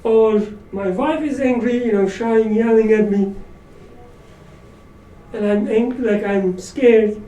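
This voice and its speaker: Man leading a study circle; reflective, self-mocking, mellow tone, recorded from a distance. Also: high-pitched, takes it slowly, long pauses, muffled recording. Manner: reflective, self-deprecating with light laughs. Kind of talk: informal religious study talk. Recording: roomy echo, distant mic, faint room noise.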